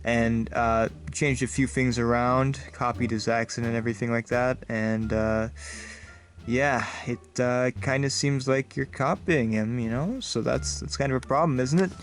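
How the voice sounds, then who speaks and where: A sleazy lawyer who rambles along, a little lower and quieter than a normal speaking voice, as a man puts him on. He trails off, hesitates, and mumbles his way through his threats. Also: fairly even intonation, unhurried, lightly acted. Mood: smug. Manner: hesitant, mumbling, full of fillers. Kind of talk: comedy sketch.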